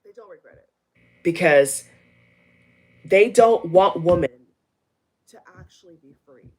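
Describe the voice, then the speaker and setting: A woman's voice: on the low side, expressive, unhurried, darkish tone. A woman delivering a heated, profane reaction rant to her camera, repeating lines for emphasis. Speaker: vlogger. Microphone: headphones on. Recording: audio cutting in and out, level dropping.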